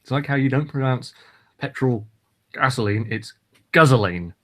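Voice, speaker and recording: A man's voice: medium pitch, fairly even intonation, a little fast, a bit bright. A man co-hosting a casual podcast chat, teasing his co-host in a dry way.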